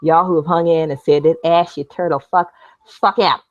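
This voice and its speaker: A woman's voice: sits low, flat delivery, brisk, a little mellow, no room sound, lo-fi sound. Blunt, sarcastic woman ranting on a vlog. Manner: sarcastic, blunt, swears freely. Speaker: video blogger. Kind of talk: casual talking-to-camera rant. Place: home, sitting while crafting with a glue gun.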